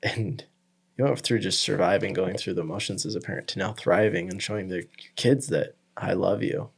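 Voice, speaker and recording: A man's voice: low-pitched, normal speed, gravelly, slightly rough. A man hosting an interview and coaching talk, reflective and encouraging toward his guest. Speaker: podcast host and coach. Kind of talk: conversational interview.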